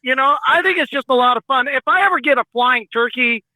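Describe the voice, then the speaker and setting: A man's voice: very high-pitched, brisk, bright, forceful tone, dry recording, rough recording. A man who drives trucks, a guest in casual chat, playful and laughing, full of fillers. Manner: playful, laughs a lot, many "you know" fillers.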